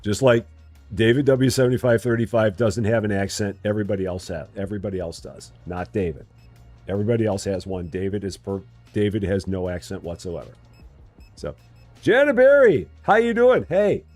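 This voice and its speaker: A man's voice: low voice, brisk, darkish tone. A man streaming a game live, joking, teasing his chat and breaking into sing-song asides. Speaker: gaming streamer. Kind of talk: live game commentary, chatting with viewers. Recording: faint music behind.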